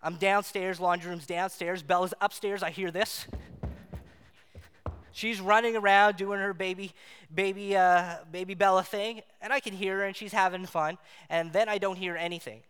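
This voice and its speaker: Bright-voiced man preaching in a hall. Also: sits high, normal speed, smooth. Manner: animated, acts out voices in his story. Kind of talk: sermon storytelling. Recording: long hall reverb.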